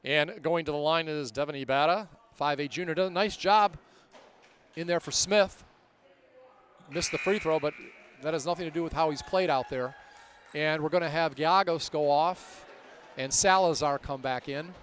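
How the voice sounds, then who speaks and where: Guy calling a basketball game, kinda high voice, gets loud on the plays, bit of gym noise behind. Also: normal speed. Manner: excitable, rises sharply during plays. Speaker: play-by-play announcer. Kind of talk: live basketball commentary.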